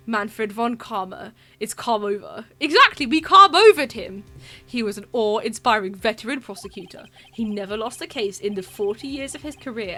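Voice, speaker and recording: A woman from the UK streaming a game playthrough, reading the dialogue aloud and reacting with lots of laughter. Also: a little high. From United Kingdom. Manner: excitable, laughs often, voices characters.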